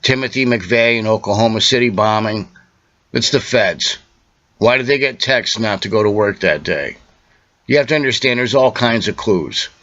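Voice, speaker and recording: A man with a lowish, bright and forceful voice lecturing the listener in an urgent, insistent monologue. He stops and restarts with fillers between points. The recording is dull and lo-fi, like a home video. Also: moderate pace. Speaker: self-made video speaker. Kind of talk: direct-to-camera monologue.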